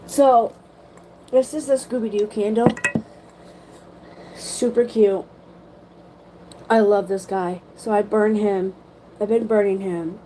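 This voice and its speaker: A young woman, telling a story to her livestream viewers in an animated way, swearing casually and saying "like" a lot. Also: mid-range voice, takes it slowly, pauses often, background noise. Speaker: livestream host.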